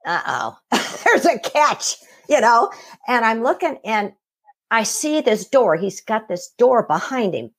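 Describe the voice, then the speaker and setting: Husky, animated middle-aged woman. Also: a little high. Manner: animated, laughs often, acts out quoted voices. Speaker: interview guest. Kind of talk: personal story in conversation.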